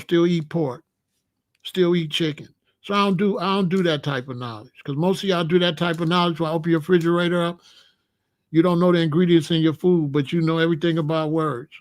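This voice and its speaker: A man hosting a livestream, lecturing viewers in chat in a preachy, repetitive way. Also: a little high. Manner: preachy, lecturing, repeats phrases. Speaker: host.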